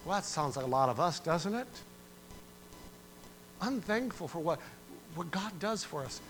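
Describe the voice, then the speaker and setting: Animated preaching man, faint hum. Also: fairly high pitch, unhurried, low-quality recording. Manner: animated preaching, acts out quoted voices, sings verse. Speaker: pastor. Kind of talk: sermon.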